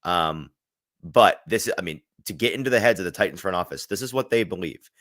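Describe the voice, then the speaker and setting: A man's voice: low voice, animated, fairly quick, fairly bright tone, no echo, studio quality. A man hosting a sports podcast, talking through football analysis in a thoughtful, rambling way with frequent restarts.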